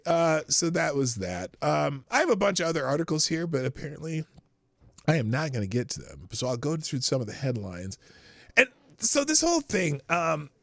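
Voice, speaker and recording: A man's voice: fairly high pitch, creaky, a bit bright, no room sound. A man hosting a live stream in a casual chatty way, reading articles aloud and laughing often. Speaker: live show host.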